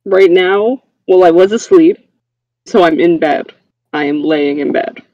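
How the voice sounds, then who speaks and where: A tabletop player giving deadpan, dry replies in casual role-play. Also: mid-range voice, measured pace, no echo, highs cut off.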